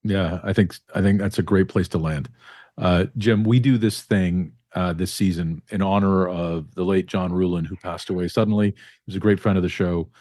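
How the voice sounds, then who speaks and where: Low mellow-voiced male podcast host. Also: fairly even intonation, moderate pace, dry recording, studio quality. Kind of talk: conversational interview, then scripted reflective outro.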